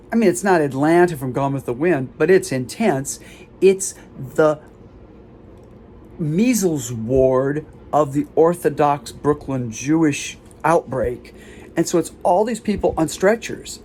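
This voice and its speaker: A man performing a live comic storytelling show, recounting a hospital visit in halting, self-interrupting sentences. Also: a little high, a little mellow, slight background noise. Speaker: solo performer. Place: small theater stage.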